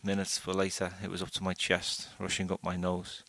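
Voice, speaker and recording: Man reading a story out, super flat steady delivery, gravelly, dry booth sound. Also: sits low, brisk, no echo. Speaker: audiobook narrator. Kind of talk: scripted first-person story narration.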